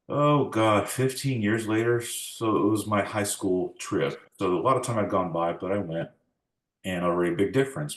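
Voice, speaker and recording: This American man in his forties, speaking low in a reverberant space, shares family stories for an oral history interview. He reflects as he goes and performs the dialogue he quotes.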